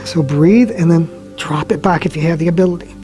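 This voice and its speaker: Calm male yoga instructor, slightly high. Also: faint music behind. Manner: calm, slow guiding cues with soft drops in volume. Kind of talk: guided yoga class instruction.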